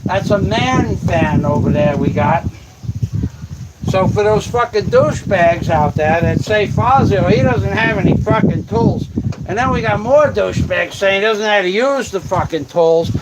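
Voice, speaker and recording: A man with a fairly high voice chats through a live stream as he works outdoors. He talks loosely, reads viewers' comments aloud, and swears freely. Loud outdoor noise runs under everything he says. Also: animated, a little slow. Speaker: livestream host. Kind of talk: casual livestream chat while working. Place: outdoors in a yard, working on metal.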